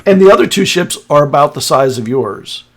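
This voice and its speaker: A man's voice: fairly high pitch, lively intonation. Man running a tabletop game. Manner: halting, restarts while describing the scene. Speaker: game master.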